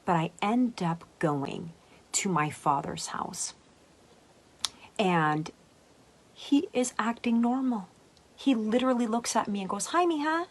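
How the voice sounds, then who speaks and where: A young adult woman, an emotional coach, telling a personal story in a confiding, emotional way that often drops to a whisper. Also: mid-range voice.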